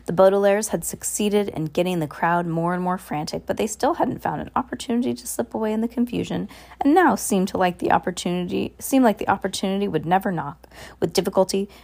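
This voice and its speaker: A woman reading a children's novel aloud as an amateur audiobook, halting at times and going back over words, with lifted voices for the characters. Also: creaky, a little mellow. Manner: halting, with restarts and asides; raises pitch for dialogue voices. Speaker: reader.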